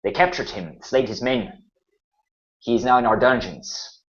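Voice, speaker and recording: A man's voice: mid-range voice, measured pace, close to an everyday voice. A man voicing a grim human general who speaks formally and gives orders. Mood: formal, stern. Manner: formal, commanding speech. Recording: muffled lo-fi recording.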